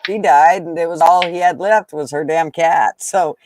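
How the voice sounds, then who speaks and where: A man's voice: a little high, normal speed, darkish tone, slight background noise. A man in casual pub-style chat with a wry, drawling manner, swearing for emphasis. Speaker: co-host.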